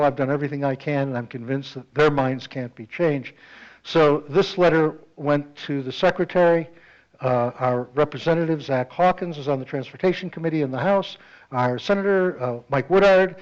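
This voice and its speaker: A man giving a talk at a community club meeting, telling a joke and chatting casually with the audience. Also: a little high. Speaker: guest speaker. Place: meeting hall. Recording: dull lo-fi audio.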